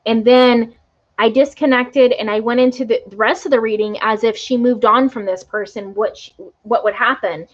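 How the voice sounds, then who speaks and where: A woman's voice: a little high, fairly even intonation, moderate pace, muffled recording. A woman tarot reader talking earnestly and emotionally to viewers of a live stream, often tagging on "right?".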